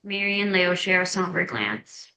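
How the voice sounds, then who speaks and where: A woman's voice: lowish voice, animated, normal speed, pushed and bright. A woman narrating, reading a screenplay's scene and action lines in a plain, descriptive way. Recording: echoey room.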